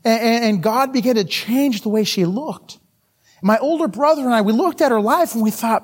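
A man's voice: very high voice, expressive, brisk, slightly rough. A middle-aged man preaching a sermon, telling folksy stories about himself and laughing at his own mishaps. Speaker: missionary preacher.

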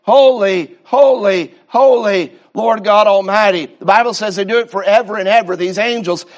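A man preaching a sermon with fervor, drawing out his repetitions and stumbling into restarts. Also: sits high. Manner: fervent preaching, slow drawn-out repetitions, stammering restarts.

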